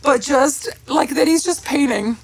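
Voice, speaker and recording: A woman chatting casually, telling lively stories and quoting others in a soft hushed voice. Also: sits high, unhurried, gravelly. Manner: animated storytelling, quotes others in a hushed voice. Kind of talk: casual chat.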